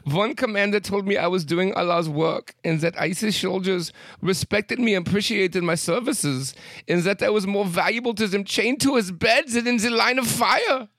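A man's voice: normal speed, a bit bright, no echo. A man voicing an ashamed young German male captive in a put-on German accent. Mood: whiny, mortified. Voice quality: high-pitched put-on voice.

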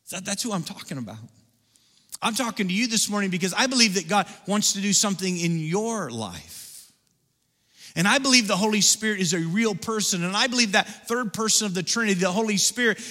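A man preaching a sermon as pastor, building through repeated phrases and dropping his voice low to press a point. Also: expressive, moderate pace, bright, forceful tone. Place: church sanctuary. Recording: hall reverb from a church.

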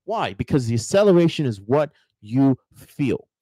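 A man's voice: mid-range voice, very animated, normal speed, warm tone, husky, no echo. A man hosting a live motivational talk, repeating points emphatically and speaking straight to his viewers. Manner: emphatic, repetitive, addresses viewers directly. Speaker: host.

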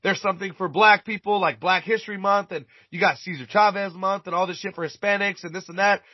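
A man's voice: high-pitched, fairly even intonation, fast talker, no echo. A man chatting casually, telling a rambling, profanity-laden story and stumbling over repeated words. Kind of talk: casual chat, crude storytelling. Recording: dull lo-fi recording.

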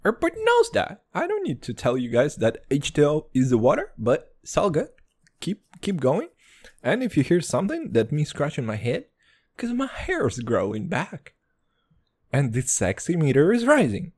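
Swaggering, crude young man podcasting solo. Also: normal speed. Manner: crude, swaggering slang, lots of "dude"; jumps between low mutters and high excited bursts. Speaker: podcast host. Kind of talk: casual solo podcast rant.

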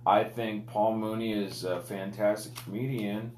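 A man's voice: fairly low pitch, fairly even intonation, a little slow, darkish tone, reverberant, slight background noise. Blunt, sarcastic podcast man. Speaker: podcast co-host. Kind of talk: casual podcast chat.

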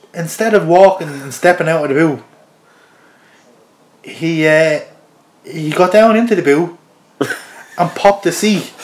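An Irish man with a fairly high voice tells a story as a podcast guest. He chuckles as he goes and keeps it loose and casual. The recording has a roomy, echoey sound. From Ireland. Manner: chuckles through an animated anecdote. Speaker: interview guest.

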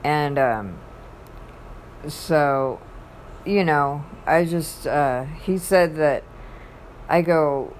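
A woman in casual faith talk, rambling and halting as she restarts her thoughts mid-sentence, speaking as a Christian ministry worker. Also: low-pitched, darkish tone, a little hiss or hum.

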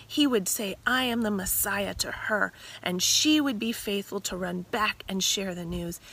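A woman retelling a scripture story dramatically, animated and often dropping to whispers. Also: medium pitch, gravelly, breathy edge.

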